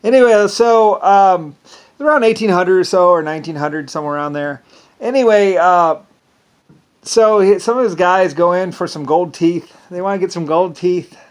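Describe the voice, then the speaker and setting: A man speaks to the camera in a loose, rambling monologue. His voice sits a little high for a man. He keeps restarting sentences and drops into quoted asides along the way. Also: normal speed, clean tone. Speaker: vlogger.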